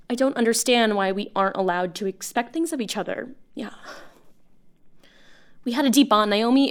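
An actress playing a lonely woman bartender who leaves long, halting voicemails for an old school friend, rambling and self-conscious. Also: a little high, close to an everyday voice. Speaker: voice actor. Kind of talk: audio drama monologue.

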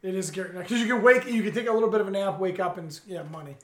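A man co-hosting a podcast, excitable and swearing freely in casual chat. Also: high-pitched, racing. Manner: excitable, swears, laughs often. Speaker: podcast co-host. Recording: echoey room.

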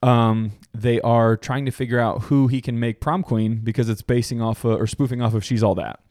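A man's voice: medium pitch, moderate pace, dry recording, clean studio sound. A man chatting casually about movies with friends, acting out lines from scenes and laughing as he goes. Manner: animated, acts out movie quotes with laughter.

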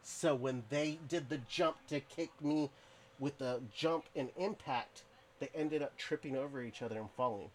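Man, podcast guest, casual storytelling, rambling, slightly high voice, faint background noise. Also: moderate pace. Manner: animated, rambling, many fillers and restarts.

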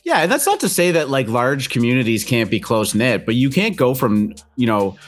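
A man co-hosting a casual online show, explaining things in a relaxed way. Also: medium pitch, fairly quick, faint music behind. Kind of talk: casual podcast chat.

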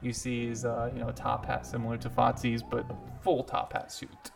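A man's voice: medium pitch, monotone, normal speed, vocal fry, music in the background. A man running a tabletop game as game master, narrating loosely with frequent laughs.

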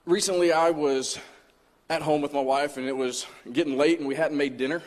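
A man's voice: a little high, fairly even intonation, brisk. A man preaches to his congregation, turning a personal story into an earnest, conversational sermon. His voice sits a little above the usual male range. His words ring out with the long reverb of a church hall. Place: church sanctuary.

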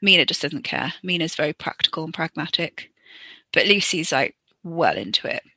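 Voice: medium pitch, animated, normal speed, bright, forceful tone, slightly rough, no echo. A podcaster giving chatty, joking improvised commentary over an old film. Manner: chatty, joking, many fillers.

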